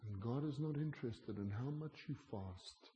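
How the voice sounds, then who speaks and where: A man preaching a sermon, moving between quiet, intimate asides and loud, emphatic lines. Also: mid-range voice, expressive, moderate pace, roomy sound, highs cut off, slight background noise.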